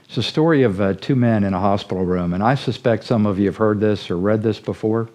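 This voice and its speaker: Low, mellow-voiced man telling a story. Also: brisk. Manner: folksy, earnest storyteller. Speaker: ministry leader. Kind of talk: storytelling sermon-style talk.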